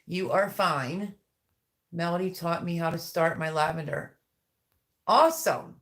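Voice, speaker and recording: In a lowish voice and at a measured pace, a woman hosts a relaxed live stream. She says hello to viewers by name and reads their comments aloud between bits of chat.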